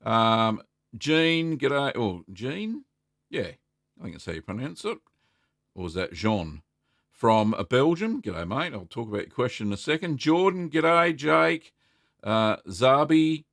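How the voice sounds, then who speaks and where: A man's voice: mid-range voice, animated, unhurried, fairly bright tone, no room sound, clean studio sound. A middle-aged Australian man hosting a casual live stream, rambling in a friendly way and greeting viewers by name. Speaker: host.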